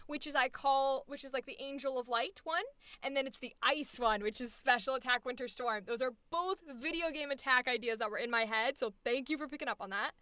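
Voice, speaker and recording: A woman's voice: high-pitched, fairly quick, bright, forceful tone, no room sound. A woman voice acting instructor giving effusive, chatty commentary on a livestream showcase. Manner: effusive, gushing, chatty with y'all.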